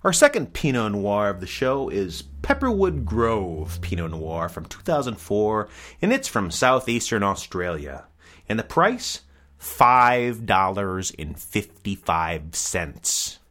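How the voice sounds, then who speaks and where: A man's voice: lowish voice, huge pitch swings, measured pace, fairly bright tone. A man hosting a comic wine review show, talking in a sarcastic, brash, mock-outraged way.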